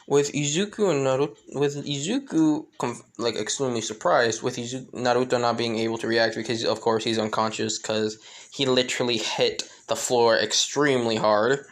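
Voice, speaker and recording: A man's voice: mid-range voice, normal speed. A man narrating an improvised fan story, rambling and correcting himself often.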